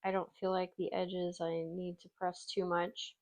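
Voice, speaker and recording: A woman's voice: lowish voice, level tone, a little slow, a little mellow. Woman from Wisconsin, craft host; casual, self-deprecating, talks while she works. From Wisconsin, USA. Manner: chatty, self-deprecating, laughs easily.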